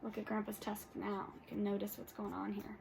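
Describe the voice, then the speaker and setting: A woman's voice: mid-range voice, completely flat delivery, gravelly, a little mellow, slight background noise. A woman teacher reading a story aloud to students and prompting them with encouraging questions. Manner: encouraging, pausing to prompt children.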